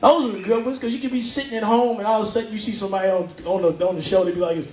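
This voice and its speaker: A man's voice: high-pitched, steady tone, very fast, a little mellow, echoey room, a little hiss or hum. A man performing a stand-up comedy set on a pub stage, chatting with the crowd and laughing at his own jokes.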